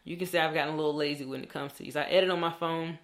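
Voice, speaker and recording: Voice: medium pitch, steady tone, racing. A young adult vlogger talking in a candid, rambling diary style and swearing freely. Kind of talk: casual diary vlog.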